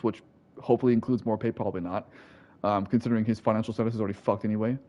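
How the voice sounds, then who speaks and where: A man's voice: on the low side, fairly even intonation, racing, highs cut off. An American man giving rambling, profane let's-play commentary, correcting himself as he goes. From United States. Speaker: gameplay commentator.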